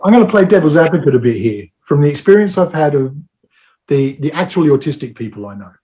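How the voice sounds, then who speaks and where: A man speaking on a podcast in a dark, mellow voice, laying out a counterpoint at a measured, reflective pace. His tone stays considered throughout. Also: on the high side, sing-song, dull audio. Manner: thoughtful, measured, argues the other side. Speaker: co-host. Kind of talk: casual podcast chat.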